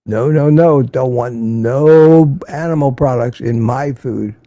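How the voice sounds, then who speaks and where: A man's voice: mid-range voice, slow pace, mellow, dry recording. An older man hosting a casual livestream, reading viewer comments and giving blunt, opinionated remarks that he often repeats for emphasis. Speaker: livestream host.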